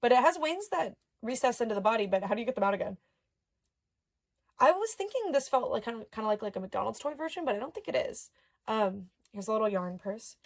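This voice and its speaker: A woman's voice: on the high side, fast talker, gravelly. Chatty woman unboxing toys. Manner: chatty, excitable, with gasps and soft murmurs. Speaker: doll collector YouTuber. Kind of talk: casual unboxing chat.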